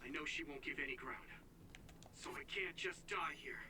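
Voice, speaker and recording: An actor playing an earnest, determined young male soldier in a video game, speaking in a quiet introspective monologue. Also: a little high, moderate pace, distant mic, music in the background, natural voice. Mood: reflective. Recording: game audio from afar with loud noise.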